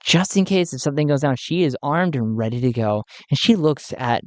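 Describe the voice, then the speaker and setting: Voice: mid-range voice, lively intonation, a little fast, no room sound. A solo tabletop game narrator who thinks aloud and often chuckles.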